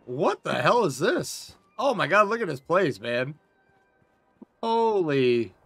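A man hosting a casual live-stream of a game, excitable, swearing often and laughing a lot. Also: fairly high pitch, slow pace, dry recording. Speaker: streamer host.

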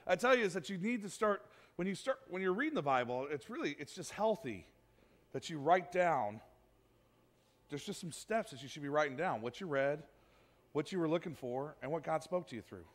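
A man pastor giving a sermon in a church, conversational and animated, acting out what people say. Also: fairly high pitch, normal speed. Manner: conversational, animated preaching with acted-out quotes.

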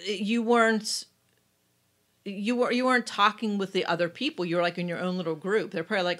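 A woman co-hosting a podcast, asking curious questions and reacting with quick exclamations in casual conversation. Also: medium pitch, steady tone, fairly bright tone. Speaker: podcast co-host.

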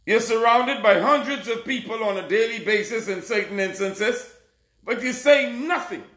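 Male preacher with a high, sharp voice, urgent and scolding, shouting his sermon in an echoey room. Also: moderate pace. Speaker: self-proclaimed messiah preacher. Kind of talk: fiery street-style sermon. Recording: roomy echo.

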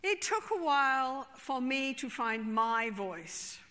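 A female therapist speaks slowly and emphatically to a conference audience, telling an expressive story in a high, bright voice. The large hall leaves a long reverb trailing after her words.

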